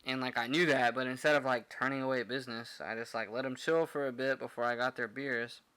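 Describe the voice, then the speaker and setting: Young male bartender, foul-mouthed rambling storyteller, bright voice. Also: mid-range voice, fairly even intonation, brisk, smooth, no echo. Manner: profane, rambling with many "like" fillers. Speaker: podcast co-host, bartender. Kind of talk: casual storytelling chat.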